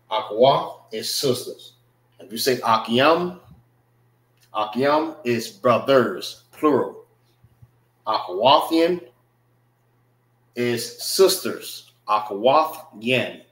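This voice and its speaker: Slow-talking man teaching a class, echoey room. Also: medium pitch, fairly bright tone. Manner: slow, explanatory, repeats "all right" and checks on students. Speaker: class instructor.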